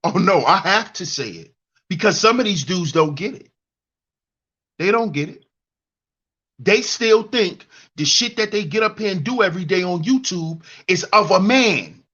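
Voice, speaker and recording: Reading live chat during a heated monologue, a commentary channel host lectures other men and mocks them in a whiny, put-on voice. His own voice sits high, sharp and husky, with lively intonation at normal speed, and the audio sounds dull.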